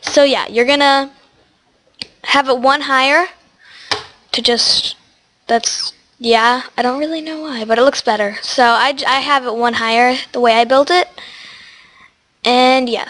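A woman's voice: fairly high pitch, fairly even intonation, a little slow, long pauses, a bit bright. A teenage girl with a stuffy, sniffly voice, chatting casually and rambling as she hosts a gaming tutorial. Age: teens. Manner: chatty, rambling, talks to animals in game. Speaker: gaming channel host. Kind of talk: casual gameplay tutorial chat.

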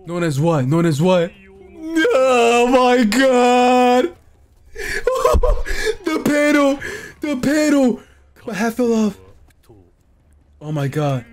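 A man hosting an anime reaction channel, giving live reaction commentary in excitable outbursts full of swearing and shouting. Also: sits high, slow, pauses often. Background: faint anime soundtrack playing.

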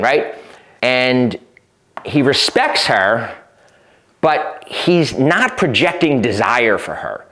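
A male dating coach who talks in an easy, conversational way at a middle pitch. He keeps checking in with "right?" and acts out short exchanges in between. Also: expressive, slow, fairly bright tone. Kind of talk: advice talk to camera.

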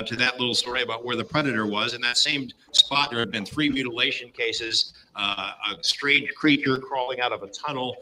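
A man's voice: mid-range voice, sharp tone, slight background noise, poor audio. A middle-aged man casually retelling a story, with many fillers and quoted lines acted out. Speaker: guest storyteller.

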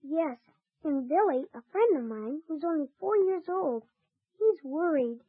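A polite young orphan boy speaks earnestly in a high voice, sometimes stumbling over his words. It is 1940s radio acting on a tinny, phone-like, dry old transcription. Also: animated, a little slow, no echo. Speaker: narrator.

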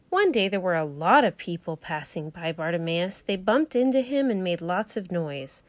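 Expressive woman reading a kids' story. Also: fairly low pitch, normal speed, few pauses, no room sound. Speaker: children's teacher. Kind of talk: children's Bible story reading.

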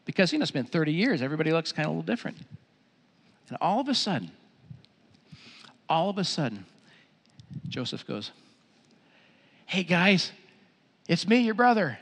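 A middle-aged man preaching a sermon as pastor in a church auditorium, telling stories in an animated way and repeating phrases. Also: a little high, brisk, creaky, long pauses. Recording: long hall reverb.

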